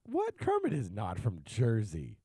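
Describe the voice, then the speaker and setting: A man co-hosting a podcast in casual chat, joking and swearing freely with an animated manner. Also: fairly low pitch, a little slow, slightly rough, dry recording.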